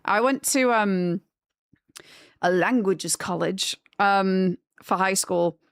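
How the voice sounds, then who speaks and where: A woman's voice: medium pitch, takes it slowly, creaky, clean tone, dry recording. A young woman talks to her live-stream chat, wandering from thought to thought and gushing over things she likes. Her voice sits in a middle register, recorded dry and close on a desk microphone with no room sound. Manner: chatty and rambling, gushing when excited.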